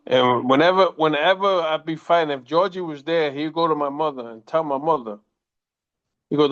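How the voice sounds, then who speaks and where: A man's voice: on the high side, normal speed. Former boxer profane storyteller, older man. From United States. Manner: profane, animated anecdotes with quoted voices. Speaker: former boxer, interview guest. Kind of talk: casual storytelling interview. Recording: muffled lo-fi audio.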